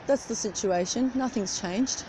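A middle-aged woman talks into her phone as she walks along a street early in the morning, cold and chatty. Her voice sits a little high, and she drifts loosely from one thought to the next. Clear traffic noise runs behind her. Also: unhurried. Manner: chatty, rambling, walking while talking. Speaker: vlogger. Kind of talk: casual chat. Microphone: phone camera held while walking.

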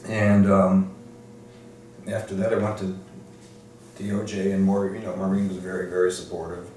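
A man's voice: deep voice, flat delivery, moderate pace, warm tone. Older man recalling his career, echoey room. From Detroit, USA. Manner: reflective storytelling, frequent restarts and "um"s. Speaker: interviewee, law librarian. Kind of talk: oral history interview. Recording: echoey room, distant mic, faint noise.

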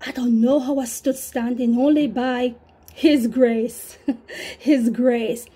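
Female preacher, earnest and repetitive, slightly high, husky voice. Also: fairly even intonation, slow pace, warm tone. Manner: earnest, repetitive, addresses "brothers and sisters". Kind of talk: testimony sermon.

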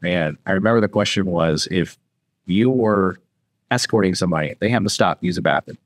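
With a low-pitched voice and a brisk pace, a man talks with no room sound around him. He's a podcast guest animatedly recounting a story in casual fashion, voicing each quoted person.

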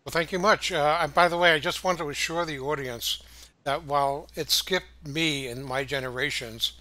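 An older man co-hosts a casual talk show and often stops mid-sentence on fillers. His voice is bright and fairly high. The sound is dry and close. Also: dry recording. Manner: halting, many uh fillers. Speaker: co-host. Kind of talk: casual chat.

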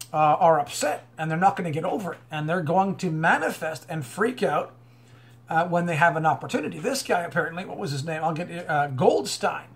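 High-voiced man ranting over news. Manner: rambling, many fillers and restarts, preachy. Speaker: online commentator. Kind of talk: unscripted commentary reading news aloud.

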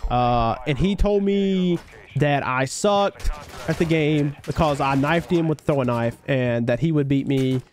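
A man's voice: a little high, measured pace, slight background noise. A young man with a Southern US country twang who does laid-back, slangy live gameplay commentary, reading chat aloud and answering viewers. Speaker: game streamer.

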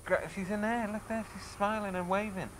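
A man with a high-pitched voice talks a little fast to his toddler at their family home, coaxing, teasing, and animated, while filming a home video. He's recorded on the camcorder's microphone, so the audio is low quality with slight background noise.

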